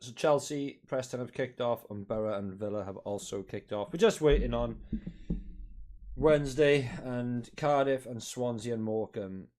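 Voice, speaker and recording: A man hosts a live football watch-along from in front of his television at home. He talks loosely and casually, rattling off scores and team sheets, with the odd swear word and a habit of winding up his viewers. His voice sits at an ordinary middle pitch for a man. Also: normal speed, a little mellow. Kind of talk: casual live-stream chat.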